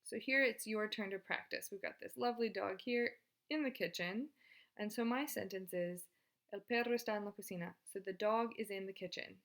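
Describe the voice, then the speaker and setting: A woman's voice: mid-range voice, normal speed, fairly bright tone. A woman teaching a Spanish grammar video lesson in a casual, chatty and encouraging way.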